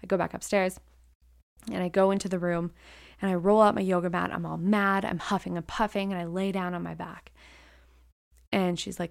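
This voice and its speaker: A woman's voice: fairly low pitch, little pitch movement, normal speed, gravelly, pauses often, no room sound, studio quality. A young woman who teaches acting, telling a personal story in a candid, rambling way with lots of "like" fillers.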